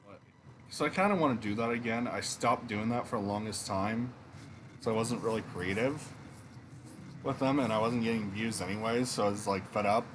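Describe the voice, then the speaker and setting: A man's voice: fairly low pitch, moderate pace, background noise. Rambling, profane male gamer. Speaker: let's play gamer. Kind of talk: casual gameplay commentary.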